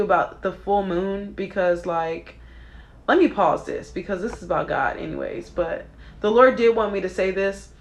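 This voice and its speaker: A woman's voice: fairly low pitch, moderate pace, rough recording. A young adult woman talking casually and earnestly to her viewers, giving a spiritual reading with many fillers and asides. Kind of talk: casual devotional talk to viewers.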